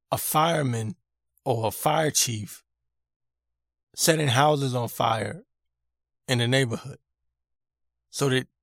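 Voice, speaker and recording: A man's voice: medium pitch, creaky, a bit bright, no room sound, clean studio sound. A man hosting his own podcast, giving an irritated, emphatic opinion rant and repeating his points for emphasis. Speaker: podcast host.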